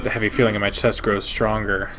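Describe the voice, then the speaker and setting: A man reading a visual novel aloud in first person, steady and measured. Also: lowish voice, a little hiss or hum. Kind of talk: first-person narration of a game.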